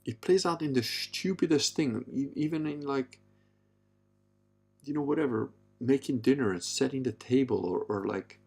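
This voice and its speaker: Gravelly blunt man in his 50s. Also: normal speed, a little mellow. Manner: blunt and profane, mimics others in a high falsetto. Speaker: podcast host. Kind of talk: casual live-stream monologue.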